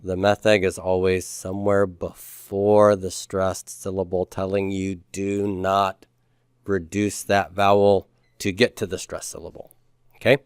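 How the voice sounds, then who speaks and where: A man's voice: deep voice, level tone, unhurried, clear, resonant tone, dry recording, studio quality. A man teaching a Hebrew grammar class, explaining patiently and quizzing the students with the odd light joke. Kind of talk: classroom lecture.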